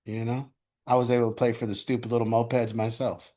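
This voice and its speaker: A man's voice: mid-range voice, little pitch movement, quick pace, mellow. A middle-aged man leading a recovery group, telling candid stories with crude humor and laughter. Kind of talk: group sharing talk.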